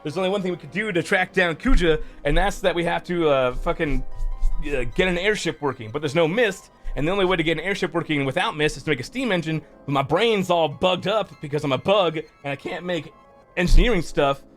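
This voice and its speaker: A man's voice: a little high, a little fast, a bit bright, soft background music, natural voice. A man voicing a grumpy cursed old male engineer in a game recap, talking casually and swearing a lot. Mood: grumbling. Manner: casual, profane, rambling.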